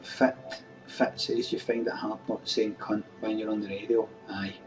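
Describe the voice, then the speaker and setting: A man's voice: on the low side, little pitch movement, normal speed, music in the background. Sweary Scottish man ranting on webcam. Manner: sweary, blunt, exasperated ranting. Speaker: webcam show host answering viewer questions. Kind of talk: casual ranting chat. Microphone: webcam mic. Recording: distant webcam mic with faint room noise.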